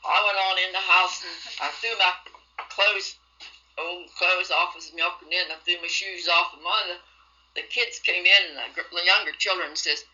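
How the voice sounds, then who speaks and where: Bright-voiced old woman storyteller. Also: fairly low pitch, steady tone, moderate pace, muffled recording. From West Virginia. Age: older. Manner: rambling folksy storytelling, dialect grammar. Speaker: interviewee. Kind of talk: recorded oral history interview.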